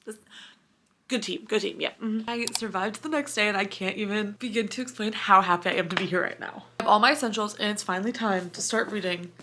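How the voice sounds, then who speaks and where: A woman's voice: medium pitch, brisk, noisy background. A young adult woman talking casually at home in a reading vlog, gushing and a little dramatic about a book series. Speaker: book vlogger. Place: at home in her apartment.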